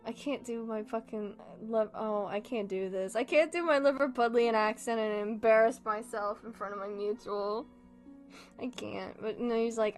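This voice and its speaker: A woman's voice: a little high, moderate pace, soft background music. A young woman streamer in casual chat, rambling, giggling often and swearing freely.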